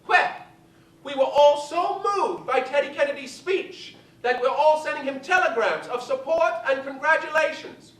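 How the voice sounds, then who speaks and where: A man doing a haughty older film-star diva, shrill and shouting. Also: moderate pace. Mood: imperious, scornful. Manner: cutting, mocking, loud. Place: live theater stage. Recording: echoey theater from far off.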